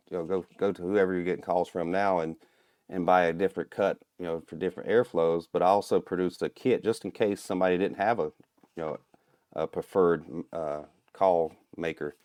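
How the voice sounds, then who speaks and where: Low-voiced man from Minnesota, relaxed podcast guest who explains at length, dry close sound. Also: dry recording. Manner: relaxed, explanatory, chuckles often. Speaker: guest, turkey call maker and calling champion. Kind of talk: casual podcast interview.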